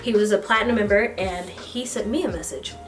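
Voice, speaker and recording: A young American woman, a beauty vlogger, telling a story while doing her makeup. She talks casually and animatedly, with bursts of excited squealing. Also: medium pitch, fairly quick, over music. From United States. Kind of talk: get-ready-with-me storytime.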